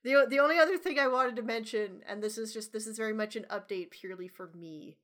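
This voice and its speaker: A woman's voice: fairly high pitch, quick pace, a bit bright. A woman co-hosting a podcast in casual chat, ranting animatedly with lots of swearing and laughter. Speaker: podcast co-host.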